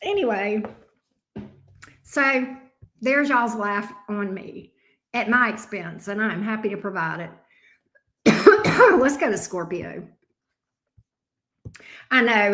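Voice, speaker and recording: A woman's voice: mid-range voice, animated, slow pace, long pauses, a bit bright. A woman, a tarot reader chatting casually and profanely on a live stream from her home office. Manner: profane, chatty, self-mocking.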